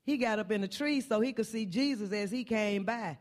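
A woman's voice: medium pitch, a little fast. A woman delivering a sermon in church, impassioned and repeating refrains, her voice climbing on key phrases. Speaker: church speaker.

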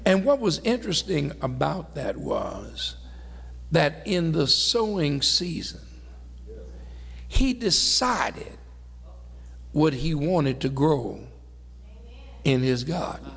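A middle-aged man preaching a sermon, rising to shouts and then dropping low, with call-and-response phrasing. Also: big pitch swings, slow, gravelly, long pauses, husky, long reverb tail.

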